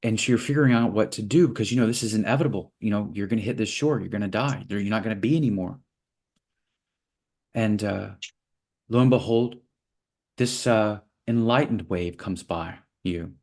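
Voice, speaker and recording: A man, interview guest, telling parables in a relaxed conversation and acting out little voices for the characters. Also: on the low side, normal speed. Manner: playful, acts out little voices in his parables. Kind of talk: storytelling in conversation.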